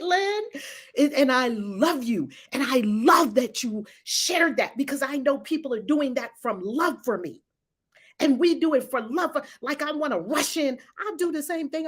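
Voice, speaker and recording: Middle-aged woman, high voice, preaching spiritual stuff, blunt and cussing a lot. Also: moderate pace. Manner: blunt, profane and animated. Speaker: spiritual teacher. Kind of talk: live online spiritual class talk.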